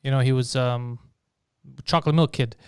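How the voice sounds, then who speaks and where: A medium-pitched man co-hosts a comedy podcast, chatting casually and loosely at normal speed with fairly even intonation. He swears and acts out quotes in put-on voices, and the clean studio recording has a clear tone and no echo.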